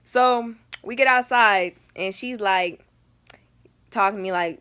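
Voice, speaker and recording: A teenage girl telling a storytime vlog at home. Her voice sits at an ordinary middle pitch, and she talks in an animated, chatty way full of casual slang. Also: slow pace, smooth. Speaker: vlogger.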